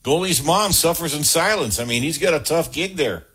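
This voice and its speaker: A man hosting a call-in sports radio show, brisk and joking as he keeps the calls moving. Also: fairly high pitch, lively intonation, a bit bright, husky.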